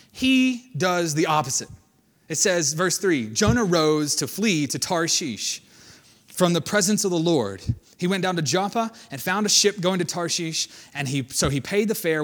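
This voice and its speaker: A man preaches in an easygoing, conversational way, reading scripture aloud and then talking it through. His pitch is slightly higher than most men's. He swings his voice up and down a lot as he goes. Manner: conversational, animated, reads scripture then comments. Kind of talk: sermon.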